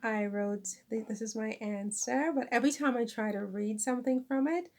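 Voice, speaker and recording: Chatty self-mocking woman with gravelly voice. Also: fairly high pitch, normal speed, darkish tone. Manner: chatty, self-deprecating, laughs at herself. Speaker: vlogger and author. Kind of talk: casual chat to camera. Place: lives in France.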